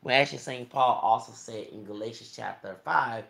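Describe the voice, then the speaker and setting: Gravelly Southern man in an echoey room. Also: medium pitch, brisk, bright, forceful tone. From Texas, US. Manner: emphatic, preachy, quotes scripture. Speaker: YouTuber. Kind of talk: impassioned monologue.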